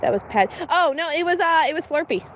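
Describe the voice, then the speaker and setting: Expressive and quick, a woman with a very high voice giggles and chats through a casual outdoor livestream at her farm, speaking to her animals. There's slight background noise.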